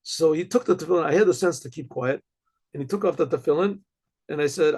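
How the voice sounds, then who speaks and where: A man, a rabbi, telling a story in a halting way, with frequent restarts and throat-clearing. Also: on the high side, darkish tone.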